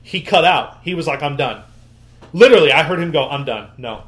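A man's voice: fairly high pitch, brisk. A man telling a story in casual chat, acting out what people said and swearing freely. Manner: animated, swears, acts out quotes.

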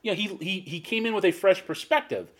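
A man's voice: high voice, lively intonation, fast talker, a bit bright. A man co-hosting a podcast in casual chat, rambling and profane, hunting for names as he tells stories. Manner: rambling, profane, hunts for names mid-story.

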